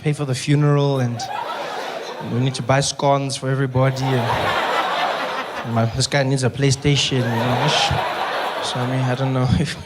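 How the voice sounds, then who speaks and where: A male comedian doing stand-up, telling a story in an animated way with bursts of shouting. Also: mid-range voice, normal speed, heavy background noise.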